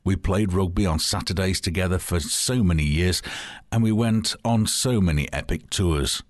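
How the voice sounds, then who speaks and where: A man playing an excitable old man in his nineties, a devoted rugby fan who talks with raised, eager energy. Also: sits low, moderate pace, no echo, clean studio sound, close to an everyday voice. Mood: earnest.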